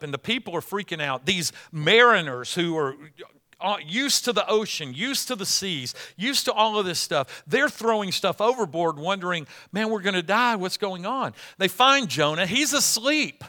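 Bright-voiced man preaching a sermon. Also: high voice. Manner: conversational storytelling, then rising to emphatic preaching. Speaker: pastor.

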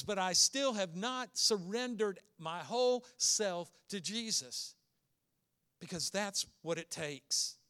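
A man preaching a sermon as a pastor, earnest and emphatic, asking many rhetorical questions and slowing down to stress key words. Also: high voice, bright, forceful tone, clean tone.

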